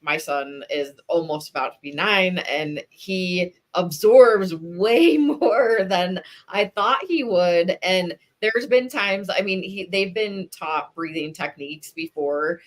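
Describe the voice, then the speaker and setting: A woman in her thirties hosting a podcast, chatting in a relaxed, thoughtful way and often hedging with "I mean". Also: fairly low pitch, slow, hardly any pauses. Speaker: podcast host. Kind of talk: casual interview chat.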